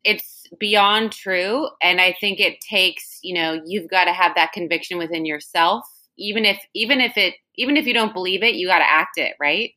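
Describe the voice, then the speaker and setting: A woman's voice: on the low side, moderate pace, hardly any pauses, pushed and bright, low-quality recording. A woman hosting an interview, encouraging and affirming her guest. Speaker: host. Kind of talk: interview chat.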